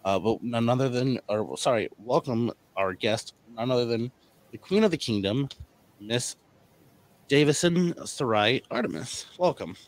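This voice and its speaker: A man's voice: mid-range voice, animated, measured pace, poor audio. A man hosting a casual podcast who rambles and stumbles, with many fillers. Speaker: podcast host.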